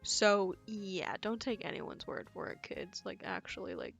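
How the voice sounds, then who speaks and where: Young woman streamer, casual rambling chat, mid-pitched, faint background music. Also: wildly swooping pitch, unhurried, vocal fry, fairly bright tone. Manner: rambling, swearing, giggly storytelling. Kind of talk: casual chat while gaming.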